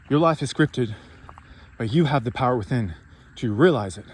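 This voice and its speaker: A man's voice: mid-range voice, darkish tone. A man giving a profane, sarcastic motivational rant, worked up and swearing freely. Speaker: vlogger.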